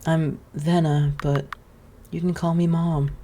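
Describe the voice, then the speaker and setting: A woman voicing a gentle, lonely and motherly forest witch from a video game, speaking slowly in a sweet, coaxing way. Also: deep voice, little pitch movement, exaggerated voice. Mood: tender. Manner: soft, slow and sweetly coaxing. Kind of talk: reading game dialogue aloud.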